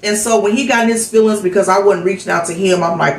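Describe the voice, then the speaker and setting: Woman host, gravelly, heartfelt rambling chat, a bit far from the mic. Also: mid-range voice, fast talker. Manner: rambling, heartfelt, lots of fillers. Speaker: vlogger host. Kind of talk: casual storytelling chat. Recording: echoey room, off-mic.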